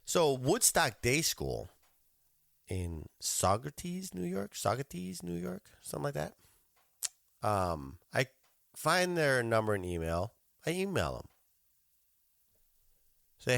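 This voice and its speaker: A man's voice: medium pitch, big pitch swings, slow, creaky, long pauses, fairly bright tone, no room sound, studio quality. A man hosting a podcast, telling an annoyed story in a casual, profane rant and acting out both sides of his phone calls. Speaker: podcast host.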